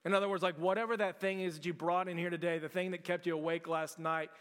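A man's voice: high voice, fairly even intonation, quick pace, a bit bright, smooth, big-room sound. A male pastor preaching a conversational sermon, with frequent restarts and fillers.

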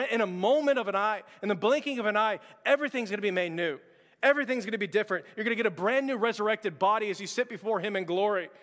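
A male pastor preaching to his congregation in a large, echoing sanctuary, his voice sitting high for a man. He speaks earnestly and directly to the church, often repeating words as he restarts his thoughts. The long reverb of the hall trails behind each phrase. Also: a bit bright. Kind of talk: sermon.

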